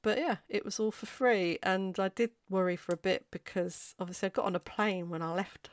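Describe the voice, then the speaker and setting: A woman's voice: mid-range voice, a little fast, no echo. A woman in her forties, hosting a podcast and telling a chatty, rambling story full of tangents. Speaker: podcast host. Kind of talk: casual storytelling.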